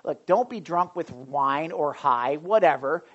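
Animated pastor preaching to a group. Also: male voice, fairly high pitch, unhurried, lo-fi sound. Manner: animated, shifts between loud emphasis and soft asides. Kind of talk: sermon to a small Bible study group.

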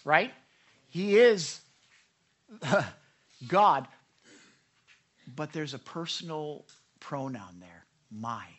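Preaching conversationally in a medium pitch, a pastor keeps returning earnestly to the same points. He interrupts himself to act out prayers, ranging from whispers to loud cries.

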